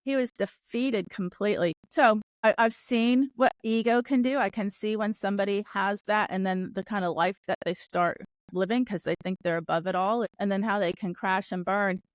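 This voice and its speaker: A woman's voice: medium pitch, moderate pace, no echo. A woman hosting an interview podcast, talking in a reflective, chatty way and sharing her opinions. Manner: reflective, chatty, laughs along with the guest. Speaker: podcast host. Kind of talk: conversational interview.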